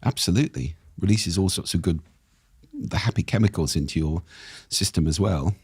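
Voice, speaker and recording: A man speaking as a guest on a podcast, explaining ideas with an expressive, animated delivery. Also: moderate pace, slightly rough, no room sound, studio quality. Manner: expressive, animated delivery with wide pitch swings. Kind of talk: interview conversation.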